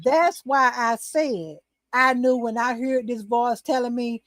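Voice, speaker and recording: Older woman telling a lively testimony. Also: fairly high pitch, measured pace, dry recording. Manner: animated testimony storytelling. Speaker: talk show host, guest. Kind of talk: casual chat, storytelling.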